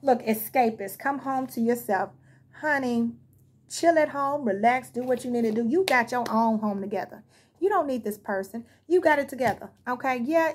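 A woman with a fairly high, husky voice talks straight to her viewers as she gives a casual tarot card reading. She is blunt and heated, and she swears freely. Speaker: tarot reader.

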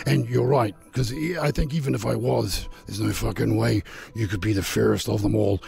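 New man, crude comic storytelling, gravelly voice, playful mocking tone, faint music behind. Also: medium pitch, a little mellow. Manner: playful and mocking, with chuckles and drawn-out pauses. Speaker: storyteller and channel host.

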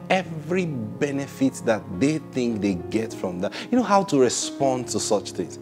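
A man's voice: mid-range voice, sing-song, moderate pace, few pauses, music in the background. A man preaching a sermon in a plain, conversational manner, often repeating his phrases.

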